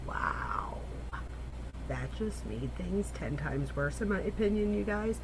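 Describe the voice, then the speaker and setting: A woman's voice: medium pitch, animated, moderate pace, background noise. A woman commentating on a true crime interview, talking straight to her viewers in a chatty, analytical way. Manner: chatty, addresses viewers directly, analytical asides. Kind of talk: casual reaction commentary.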